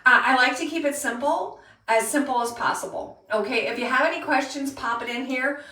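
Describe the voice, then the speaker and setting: A woman's voice: sits high, fairly quick, bright, forceful tone. Chatty woman hosting a live makeup tutorial. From Pennsylvania. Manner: chatty, greets viewers by name. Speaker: makeup workshop host. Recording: roomy echo, voice a bit far from mic.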